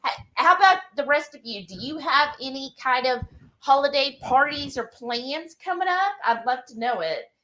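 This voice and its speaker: A woman hosting a live cooking stream, chatting casually in an excited, rambling way. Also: sits high, moderate pace, highs cut off.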